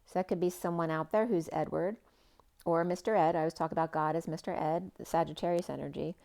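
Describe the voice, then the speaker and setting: A woman giving a spiritual tarot reading in a rambling, free-associating way, with many fillers and phrases that trail off, sometimes drawing words out slowly. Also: sits low, fairly even intonation, gravelly, a little mellow. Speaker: tarot reader.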